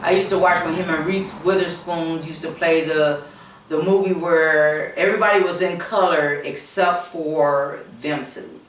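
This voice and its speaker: A woman's voice: low-pitched, steady tone, a little slow, a little hiss or hum. Rambling woman in an echoey room. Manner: rambling, hesitant, many fillers and repeats. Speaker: vlogger. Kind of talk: casual rambling chat to camera. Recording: echoey room, mic set far off.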